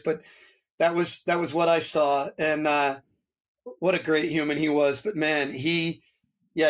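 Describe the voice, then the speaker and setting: A man in his fifties telling stories in a casual, rambling way, with many fillers, and acting out the people he quotes. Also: a little high. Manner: rambling, filler-heavy, animated when quoting others. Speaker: interview guest, retired fire lieutenant. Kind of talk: casual storytelling.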